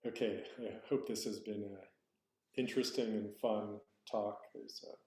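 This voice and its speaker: A man's voice: fairly low pitch, fairly even intonation, moderate pace, a little mellow. A man giving a dharma talk as a Zen teacher, reflective and searching, often correcting himself aloud. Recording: roomy echo.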